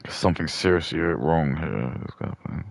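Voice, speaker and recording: Brief: man, extremely low, crackly voice, dry sound, crude rambling rant. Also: a little fast, creaky, no room sound. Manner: rambling, crude, with many restarts and fillers. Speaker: streamer. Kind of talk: mock rant commentary.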